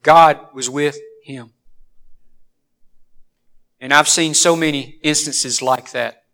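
A man preaching a sermon in a church, telling folksy stories that suddenly rise loud. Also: a little high, steady tone, takes it slowly.

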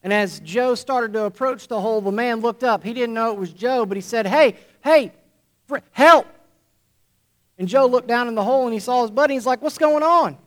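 A man preaching to his congregation in a fairly high voice, leaning on repetition and deliberate emphasis. His sermon delivery is earnest and measured, building points one phrase at a time. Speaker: pastor. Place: church congregation.

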